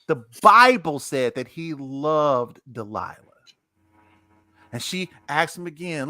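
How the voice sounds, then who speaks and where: A man's voice: a little high, slow pace. A man hosting a podcast, retelling a story in emphatic, repetitive casual chat. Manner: emphatic, lively, repeats for effect. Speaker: podcast host.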